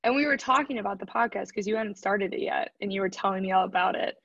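A woman's voice: medium pitch, quick pace, fairly bright tone, husky, dry recording. A woman appearing as a podcast guest, chatting in an easygoing way and laughing often. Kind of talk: casual chat. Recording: dry, dull lo-fi sound.

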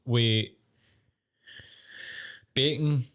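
A Scottish man hosting a podcast, chatting in a sweary, joking, animated way. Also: mid-range voice, extremely slow. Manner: sweary, banter-heavy and animated. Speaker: podcast host. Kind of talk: casual chat.

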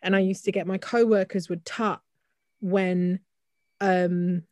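Woman, podcast co-host, heated rambling delivery, mid pitch, dry close mic. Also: fairly even intonation, slow pace, a little mellow, no room sound. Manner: heated, talks in restarts with frequent "like". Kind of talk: casual chat.

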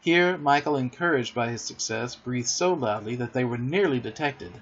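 Expressive man narrating a storybook. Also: mid-range voice, normal speed, a little hiss or hum. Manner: expressive, theatrical. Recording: dull lo-fi audiobook recording.

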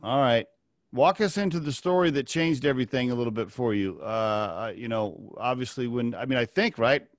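Guy hosting a podcast on a video call, middle pitch, chatty, lots of okays. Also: moderate pace. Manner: chatty, repeats himself, affirming okays. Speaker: podcast host. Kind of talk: podcast interview, read sponsor intro.

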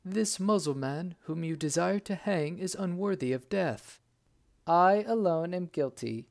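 A man's voice: high voice, animated, unhurried, gravelly, pitched above the performer's own voice, heavily acted. A man doing a frantic young doctor. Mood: pleading. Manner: wailing, panicky. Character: frantic young male doctor, easily terrified.

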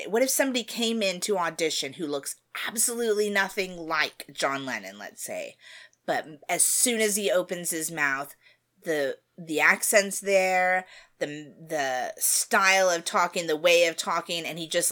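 A woman in casual podcast conversation with a slightly low, easygoing voice. She talks in an animated way and laughs often between her points. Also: moderate pace. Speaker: podcast co-host. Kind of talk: casual chat.

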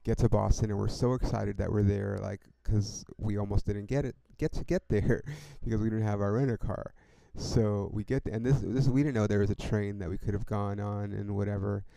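A man's voice: lowish voice, level tone, a little fast, creaky, hardly any pauses, mellow, dry recording. A young man hosting a podcast, telling a rambling story in a laid-back, profane way, peppered with "dude" and "like". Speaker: podcast host.

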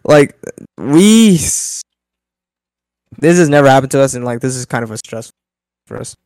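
A man's voice: mid-range voice, expressive, normal speed, a little mellow, clean tone, dry recording. A man co-hosting a podcast, telling a story in a casual, playful, rambling way. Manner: playful, rambling, self-interrupting. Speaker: podcast co-host.

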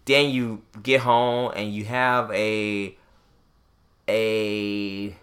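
A young man hosting a podcast, telling a gaming story in a casual, animated way. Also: fairly low pitch, drawn-out words. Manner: animated storytelling with acted-out quotes. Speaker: podcast host. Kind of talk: casual chat.

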